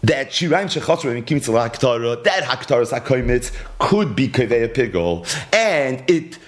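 A man's voice: medium pitch, big pitch swings, moderate pace. A man teaching a Gemara lesson, explaining the argument animatedly in English mixed with Hebrew and Aramaic terms. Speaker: Talmud teacher.

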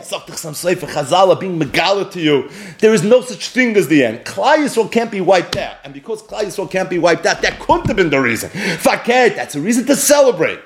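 A man with a high-pitched voice delivers a Torah lecture. He poses questions and then answers them himself. He slips into a singsong chant when he quotes Hebrew texts. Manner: asks and answers his own questions. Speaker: Torah teacher.

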